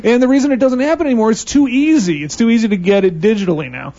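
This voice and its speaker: A man's voice: very high-pitched, rapid-fire, dark tone, dull audio. A man co-hosting a casual radio talk show, chatty, laughing often and restarting his sentences. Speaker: co-host.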